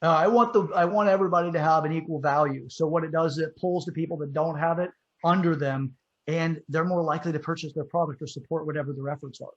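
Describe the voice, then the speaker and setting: A man's voice: a little high, steady tone, fast talker, highs cut off. A man hosting a podcast, chatting bluntly and profanely about politics. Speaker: podcast host. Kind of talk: casual political chat.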